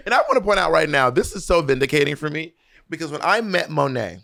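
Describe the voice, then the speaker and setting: Gravelly Southern man telling a story. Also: on the high side, fast talker. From American South. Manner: animated storyteller, acts out quotes. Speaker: podcast co-host. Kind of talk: casual chat, storytelling.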